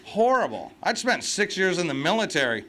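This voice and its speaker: A man's voice: high voice, very animated, fairly quick, bright, forceful tone. A man speaking at a recovery meeting, telling blunt, profane, comic stories to a live crowd. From United States. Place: meeting hall before an audience.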